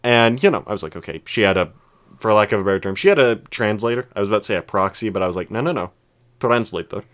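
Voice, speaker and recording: A man's voice: lowish voice, racing, fairly bright tone. A young man co-hosting a podcast, telling a long story in casual chat with lots of restarts and fillers. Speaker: podcast co-host.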